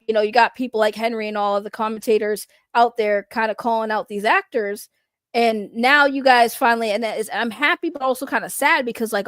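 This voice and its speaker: A woman's voice: a little high, no echo. A woman doing casual livestream commentary, rambling and blunt, swearing freely and laughing often. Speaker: online commentator.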